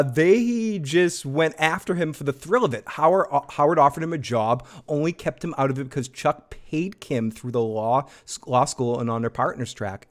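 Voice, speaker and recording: A man hosting a live stream, chatting casually in an excited, rambling way, swearing often and restarting his sentences. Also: a little high. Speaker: show host reviewing a TV episode live.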